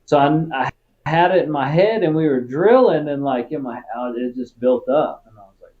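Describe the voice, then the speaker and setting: A man's voice: fairly high pitch, lively intonation, normal speed, phone-quality sound. A man from Texas, a former Marine, telling stories in a casual interview in a laid-back, profane way. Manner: profane, laid-back, peppers talk with "dude" and "right?".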